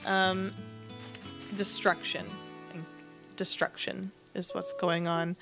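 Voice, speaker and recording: Chatty woman streamer over soft music. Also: mid-range voice, measured pace. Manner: rambling, self-deprecating, chatty with viewers. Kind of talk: casual livestream chat while playing.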